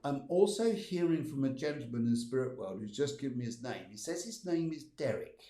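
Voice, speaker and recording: A man's voice: medium pitch, lively intonation, fairly quick, mellow, reverberant. A man hosting a live stream as a medium, relaying messages from spirits with many fillers and repeated phrases. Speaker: medium giving readings.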